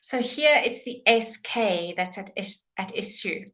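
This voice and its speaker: A woman's voice: mid-range voice, animated, measured pace, hardly any pauses, a bit bright. A woman teaching English pronunciation in a live online lesson, patiently repeating each word many times.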